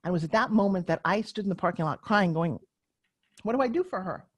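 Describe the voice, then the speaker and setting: A middle-aged woman speaking as a guest in a podcast interview. She talks with emphatic, energetic drive, pushing her points hard like a motivational speaker. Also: mid-range voice, fast talker, slightly rough.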